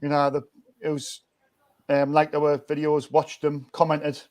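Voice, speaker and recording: A man's voice: on the high side, monotone, unhurried, darkish tone. A man, hosting a casual football fan chat, rambling and restarting often in an upbeat way. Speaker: fan channel host.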